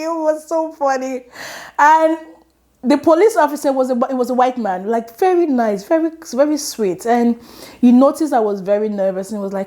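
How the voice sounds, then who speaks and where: A woman's voice: high-pitched, a little fast. A woman in her thirties with a Nigerian English accent, chatting casually and animatedly to camera as she tells a personal story. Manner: animated, chatty, laughs at herself. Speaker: vlogger.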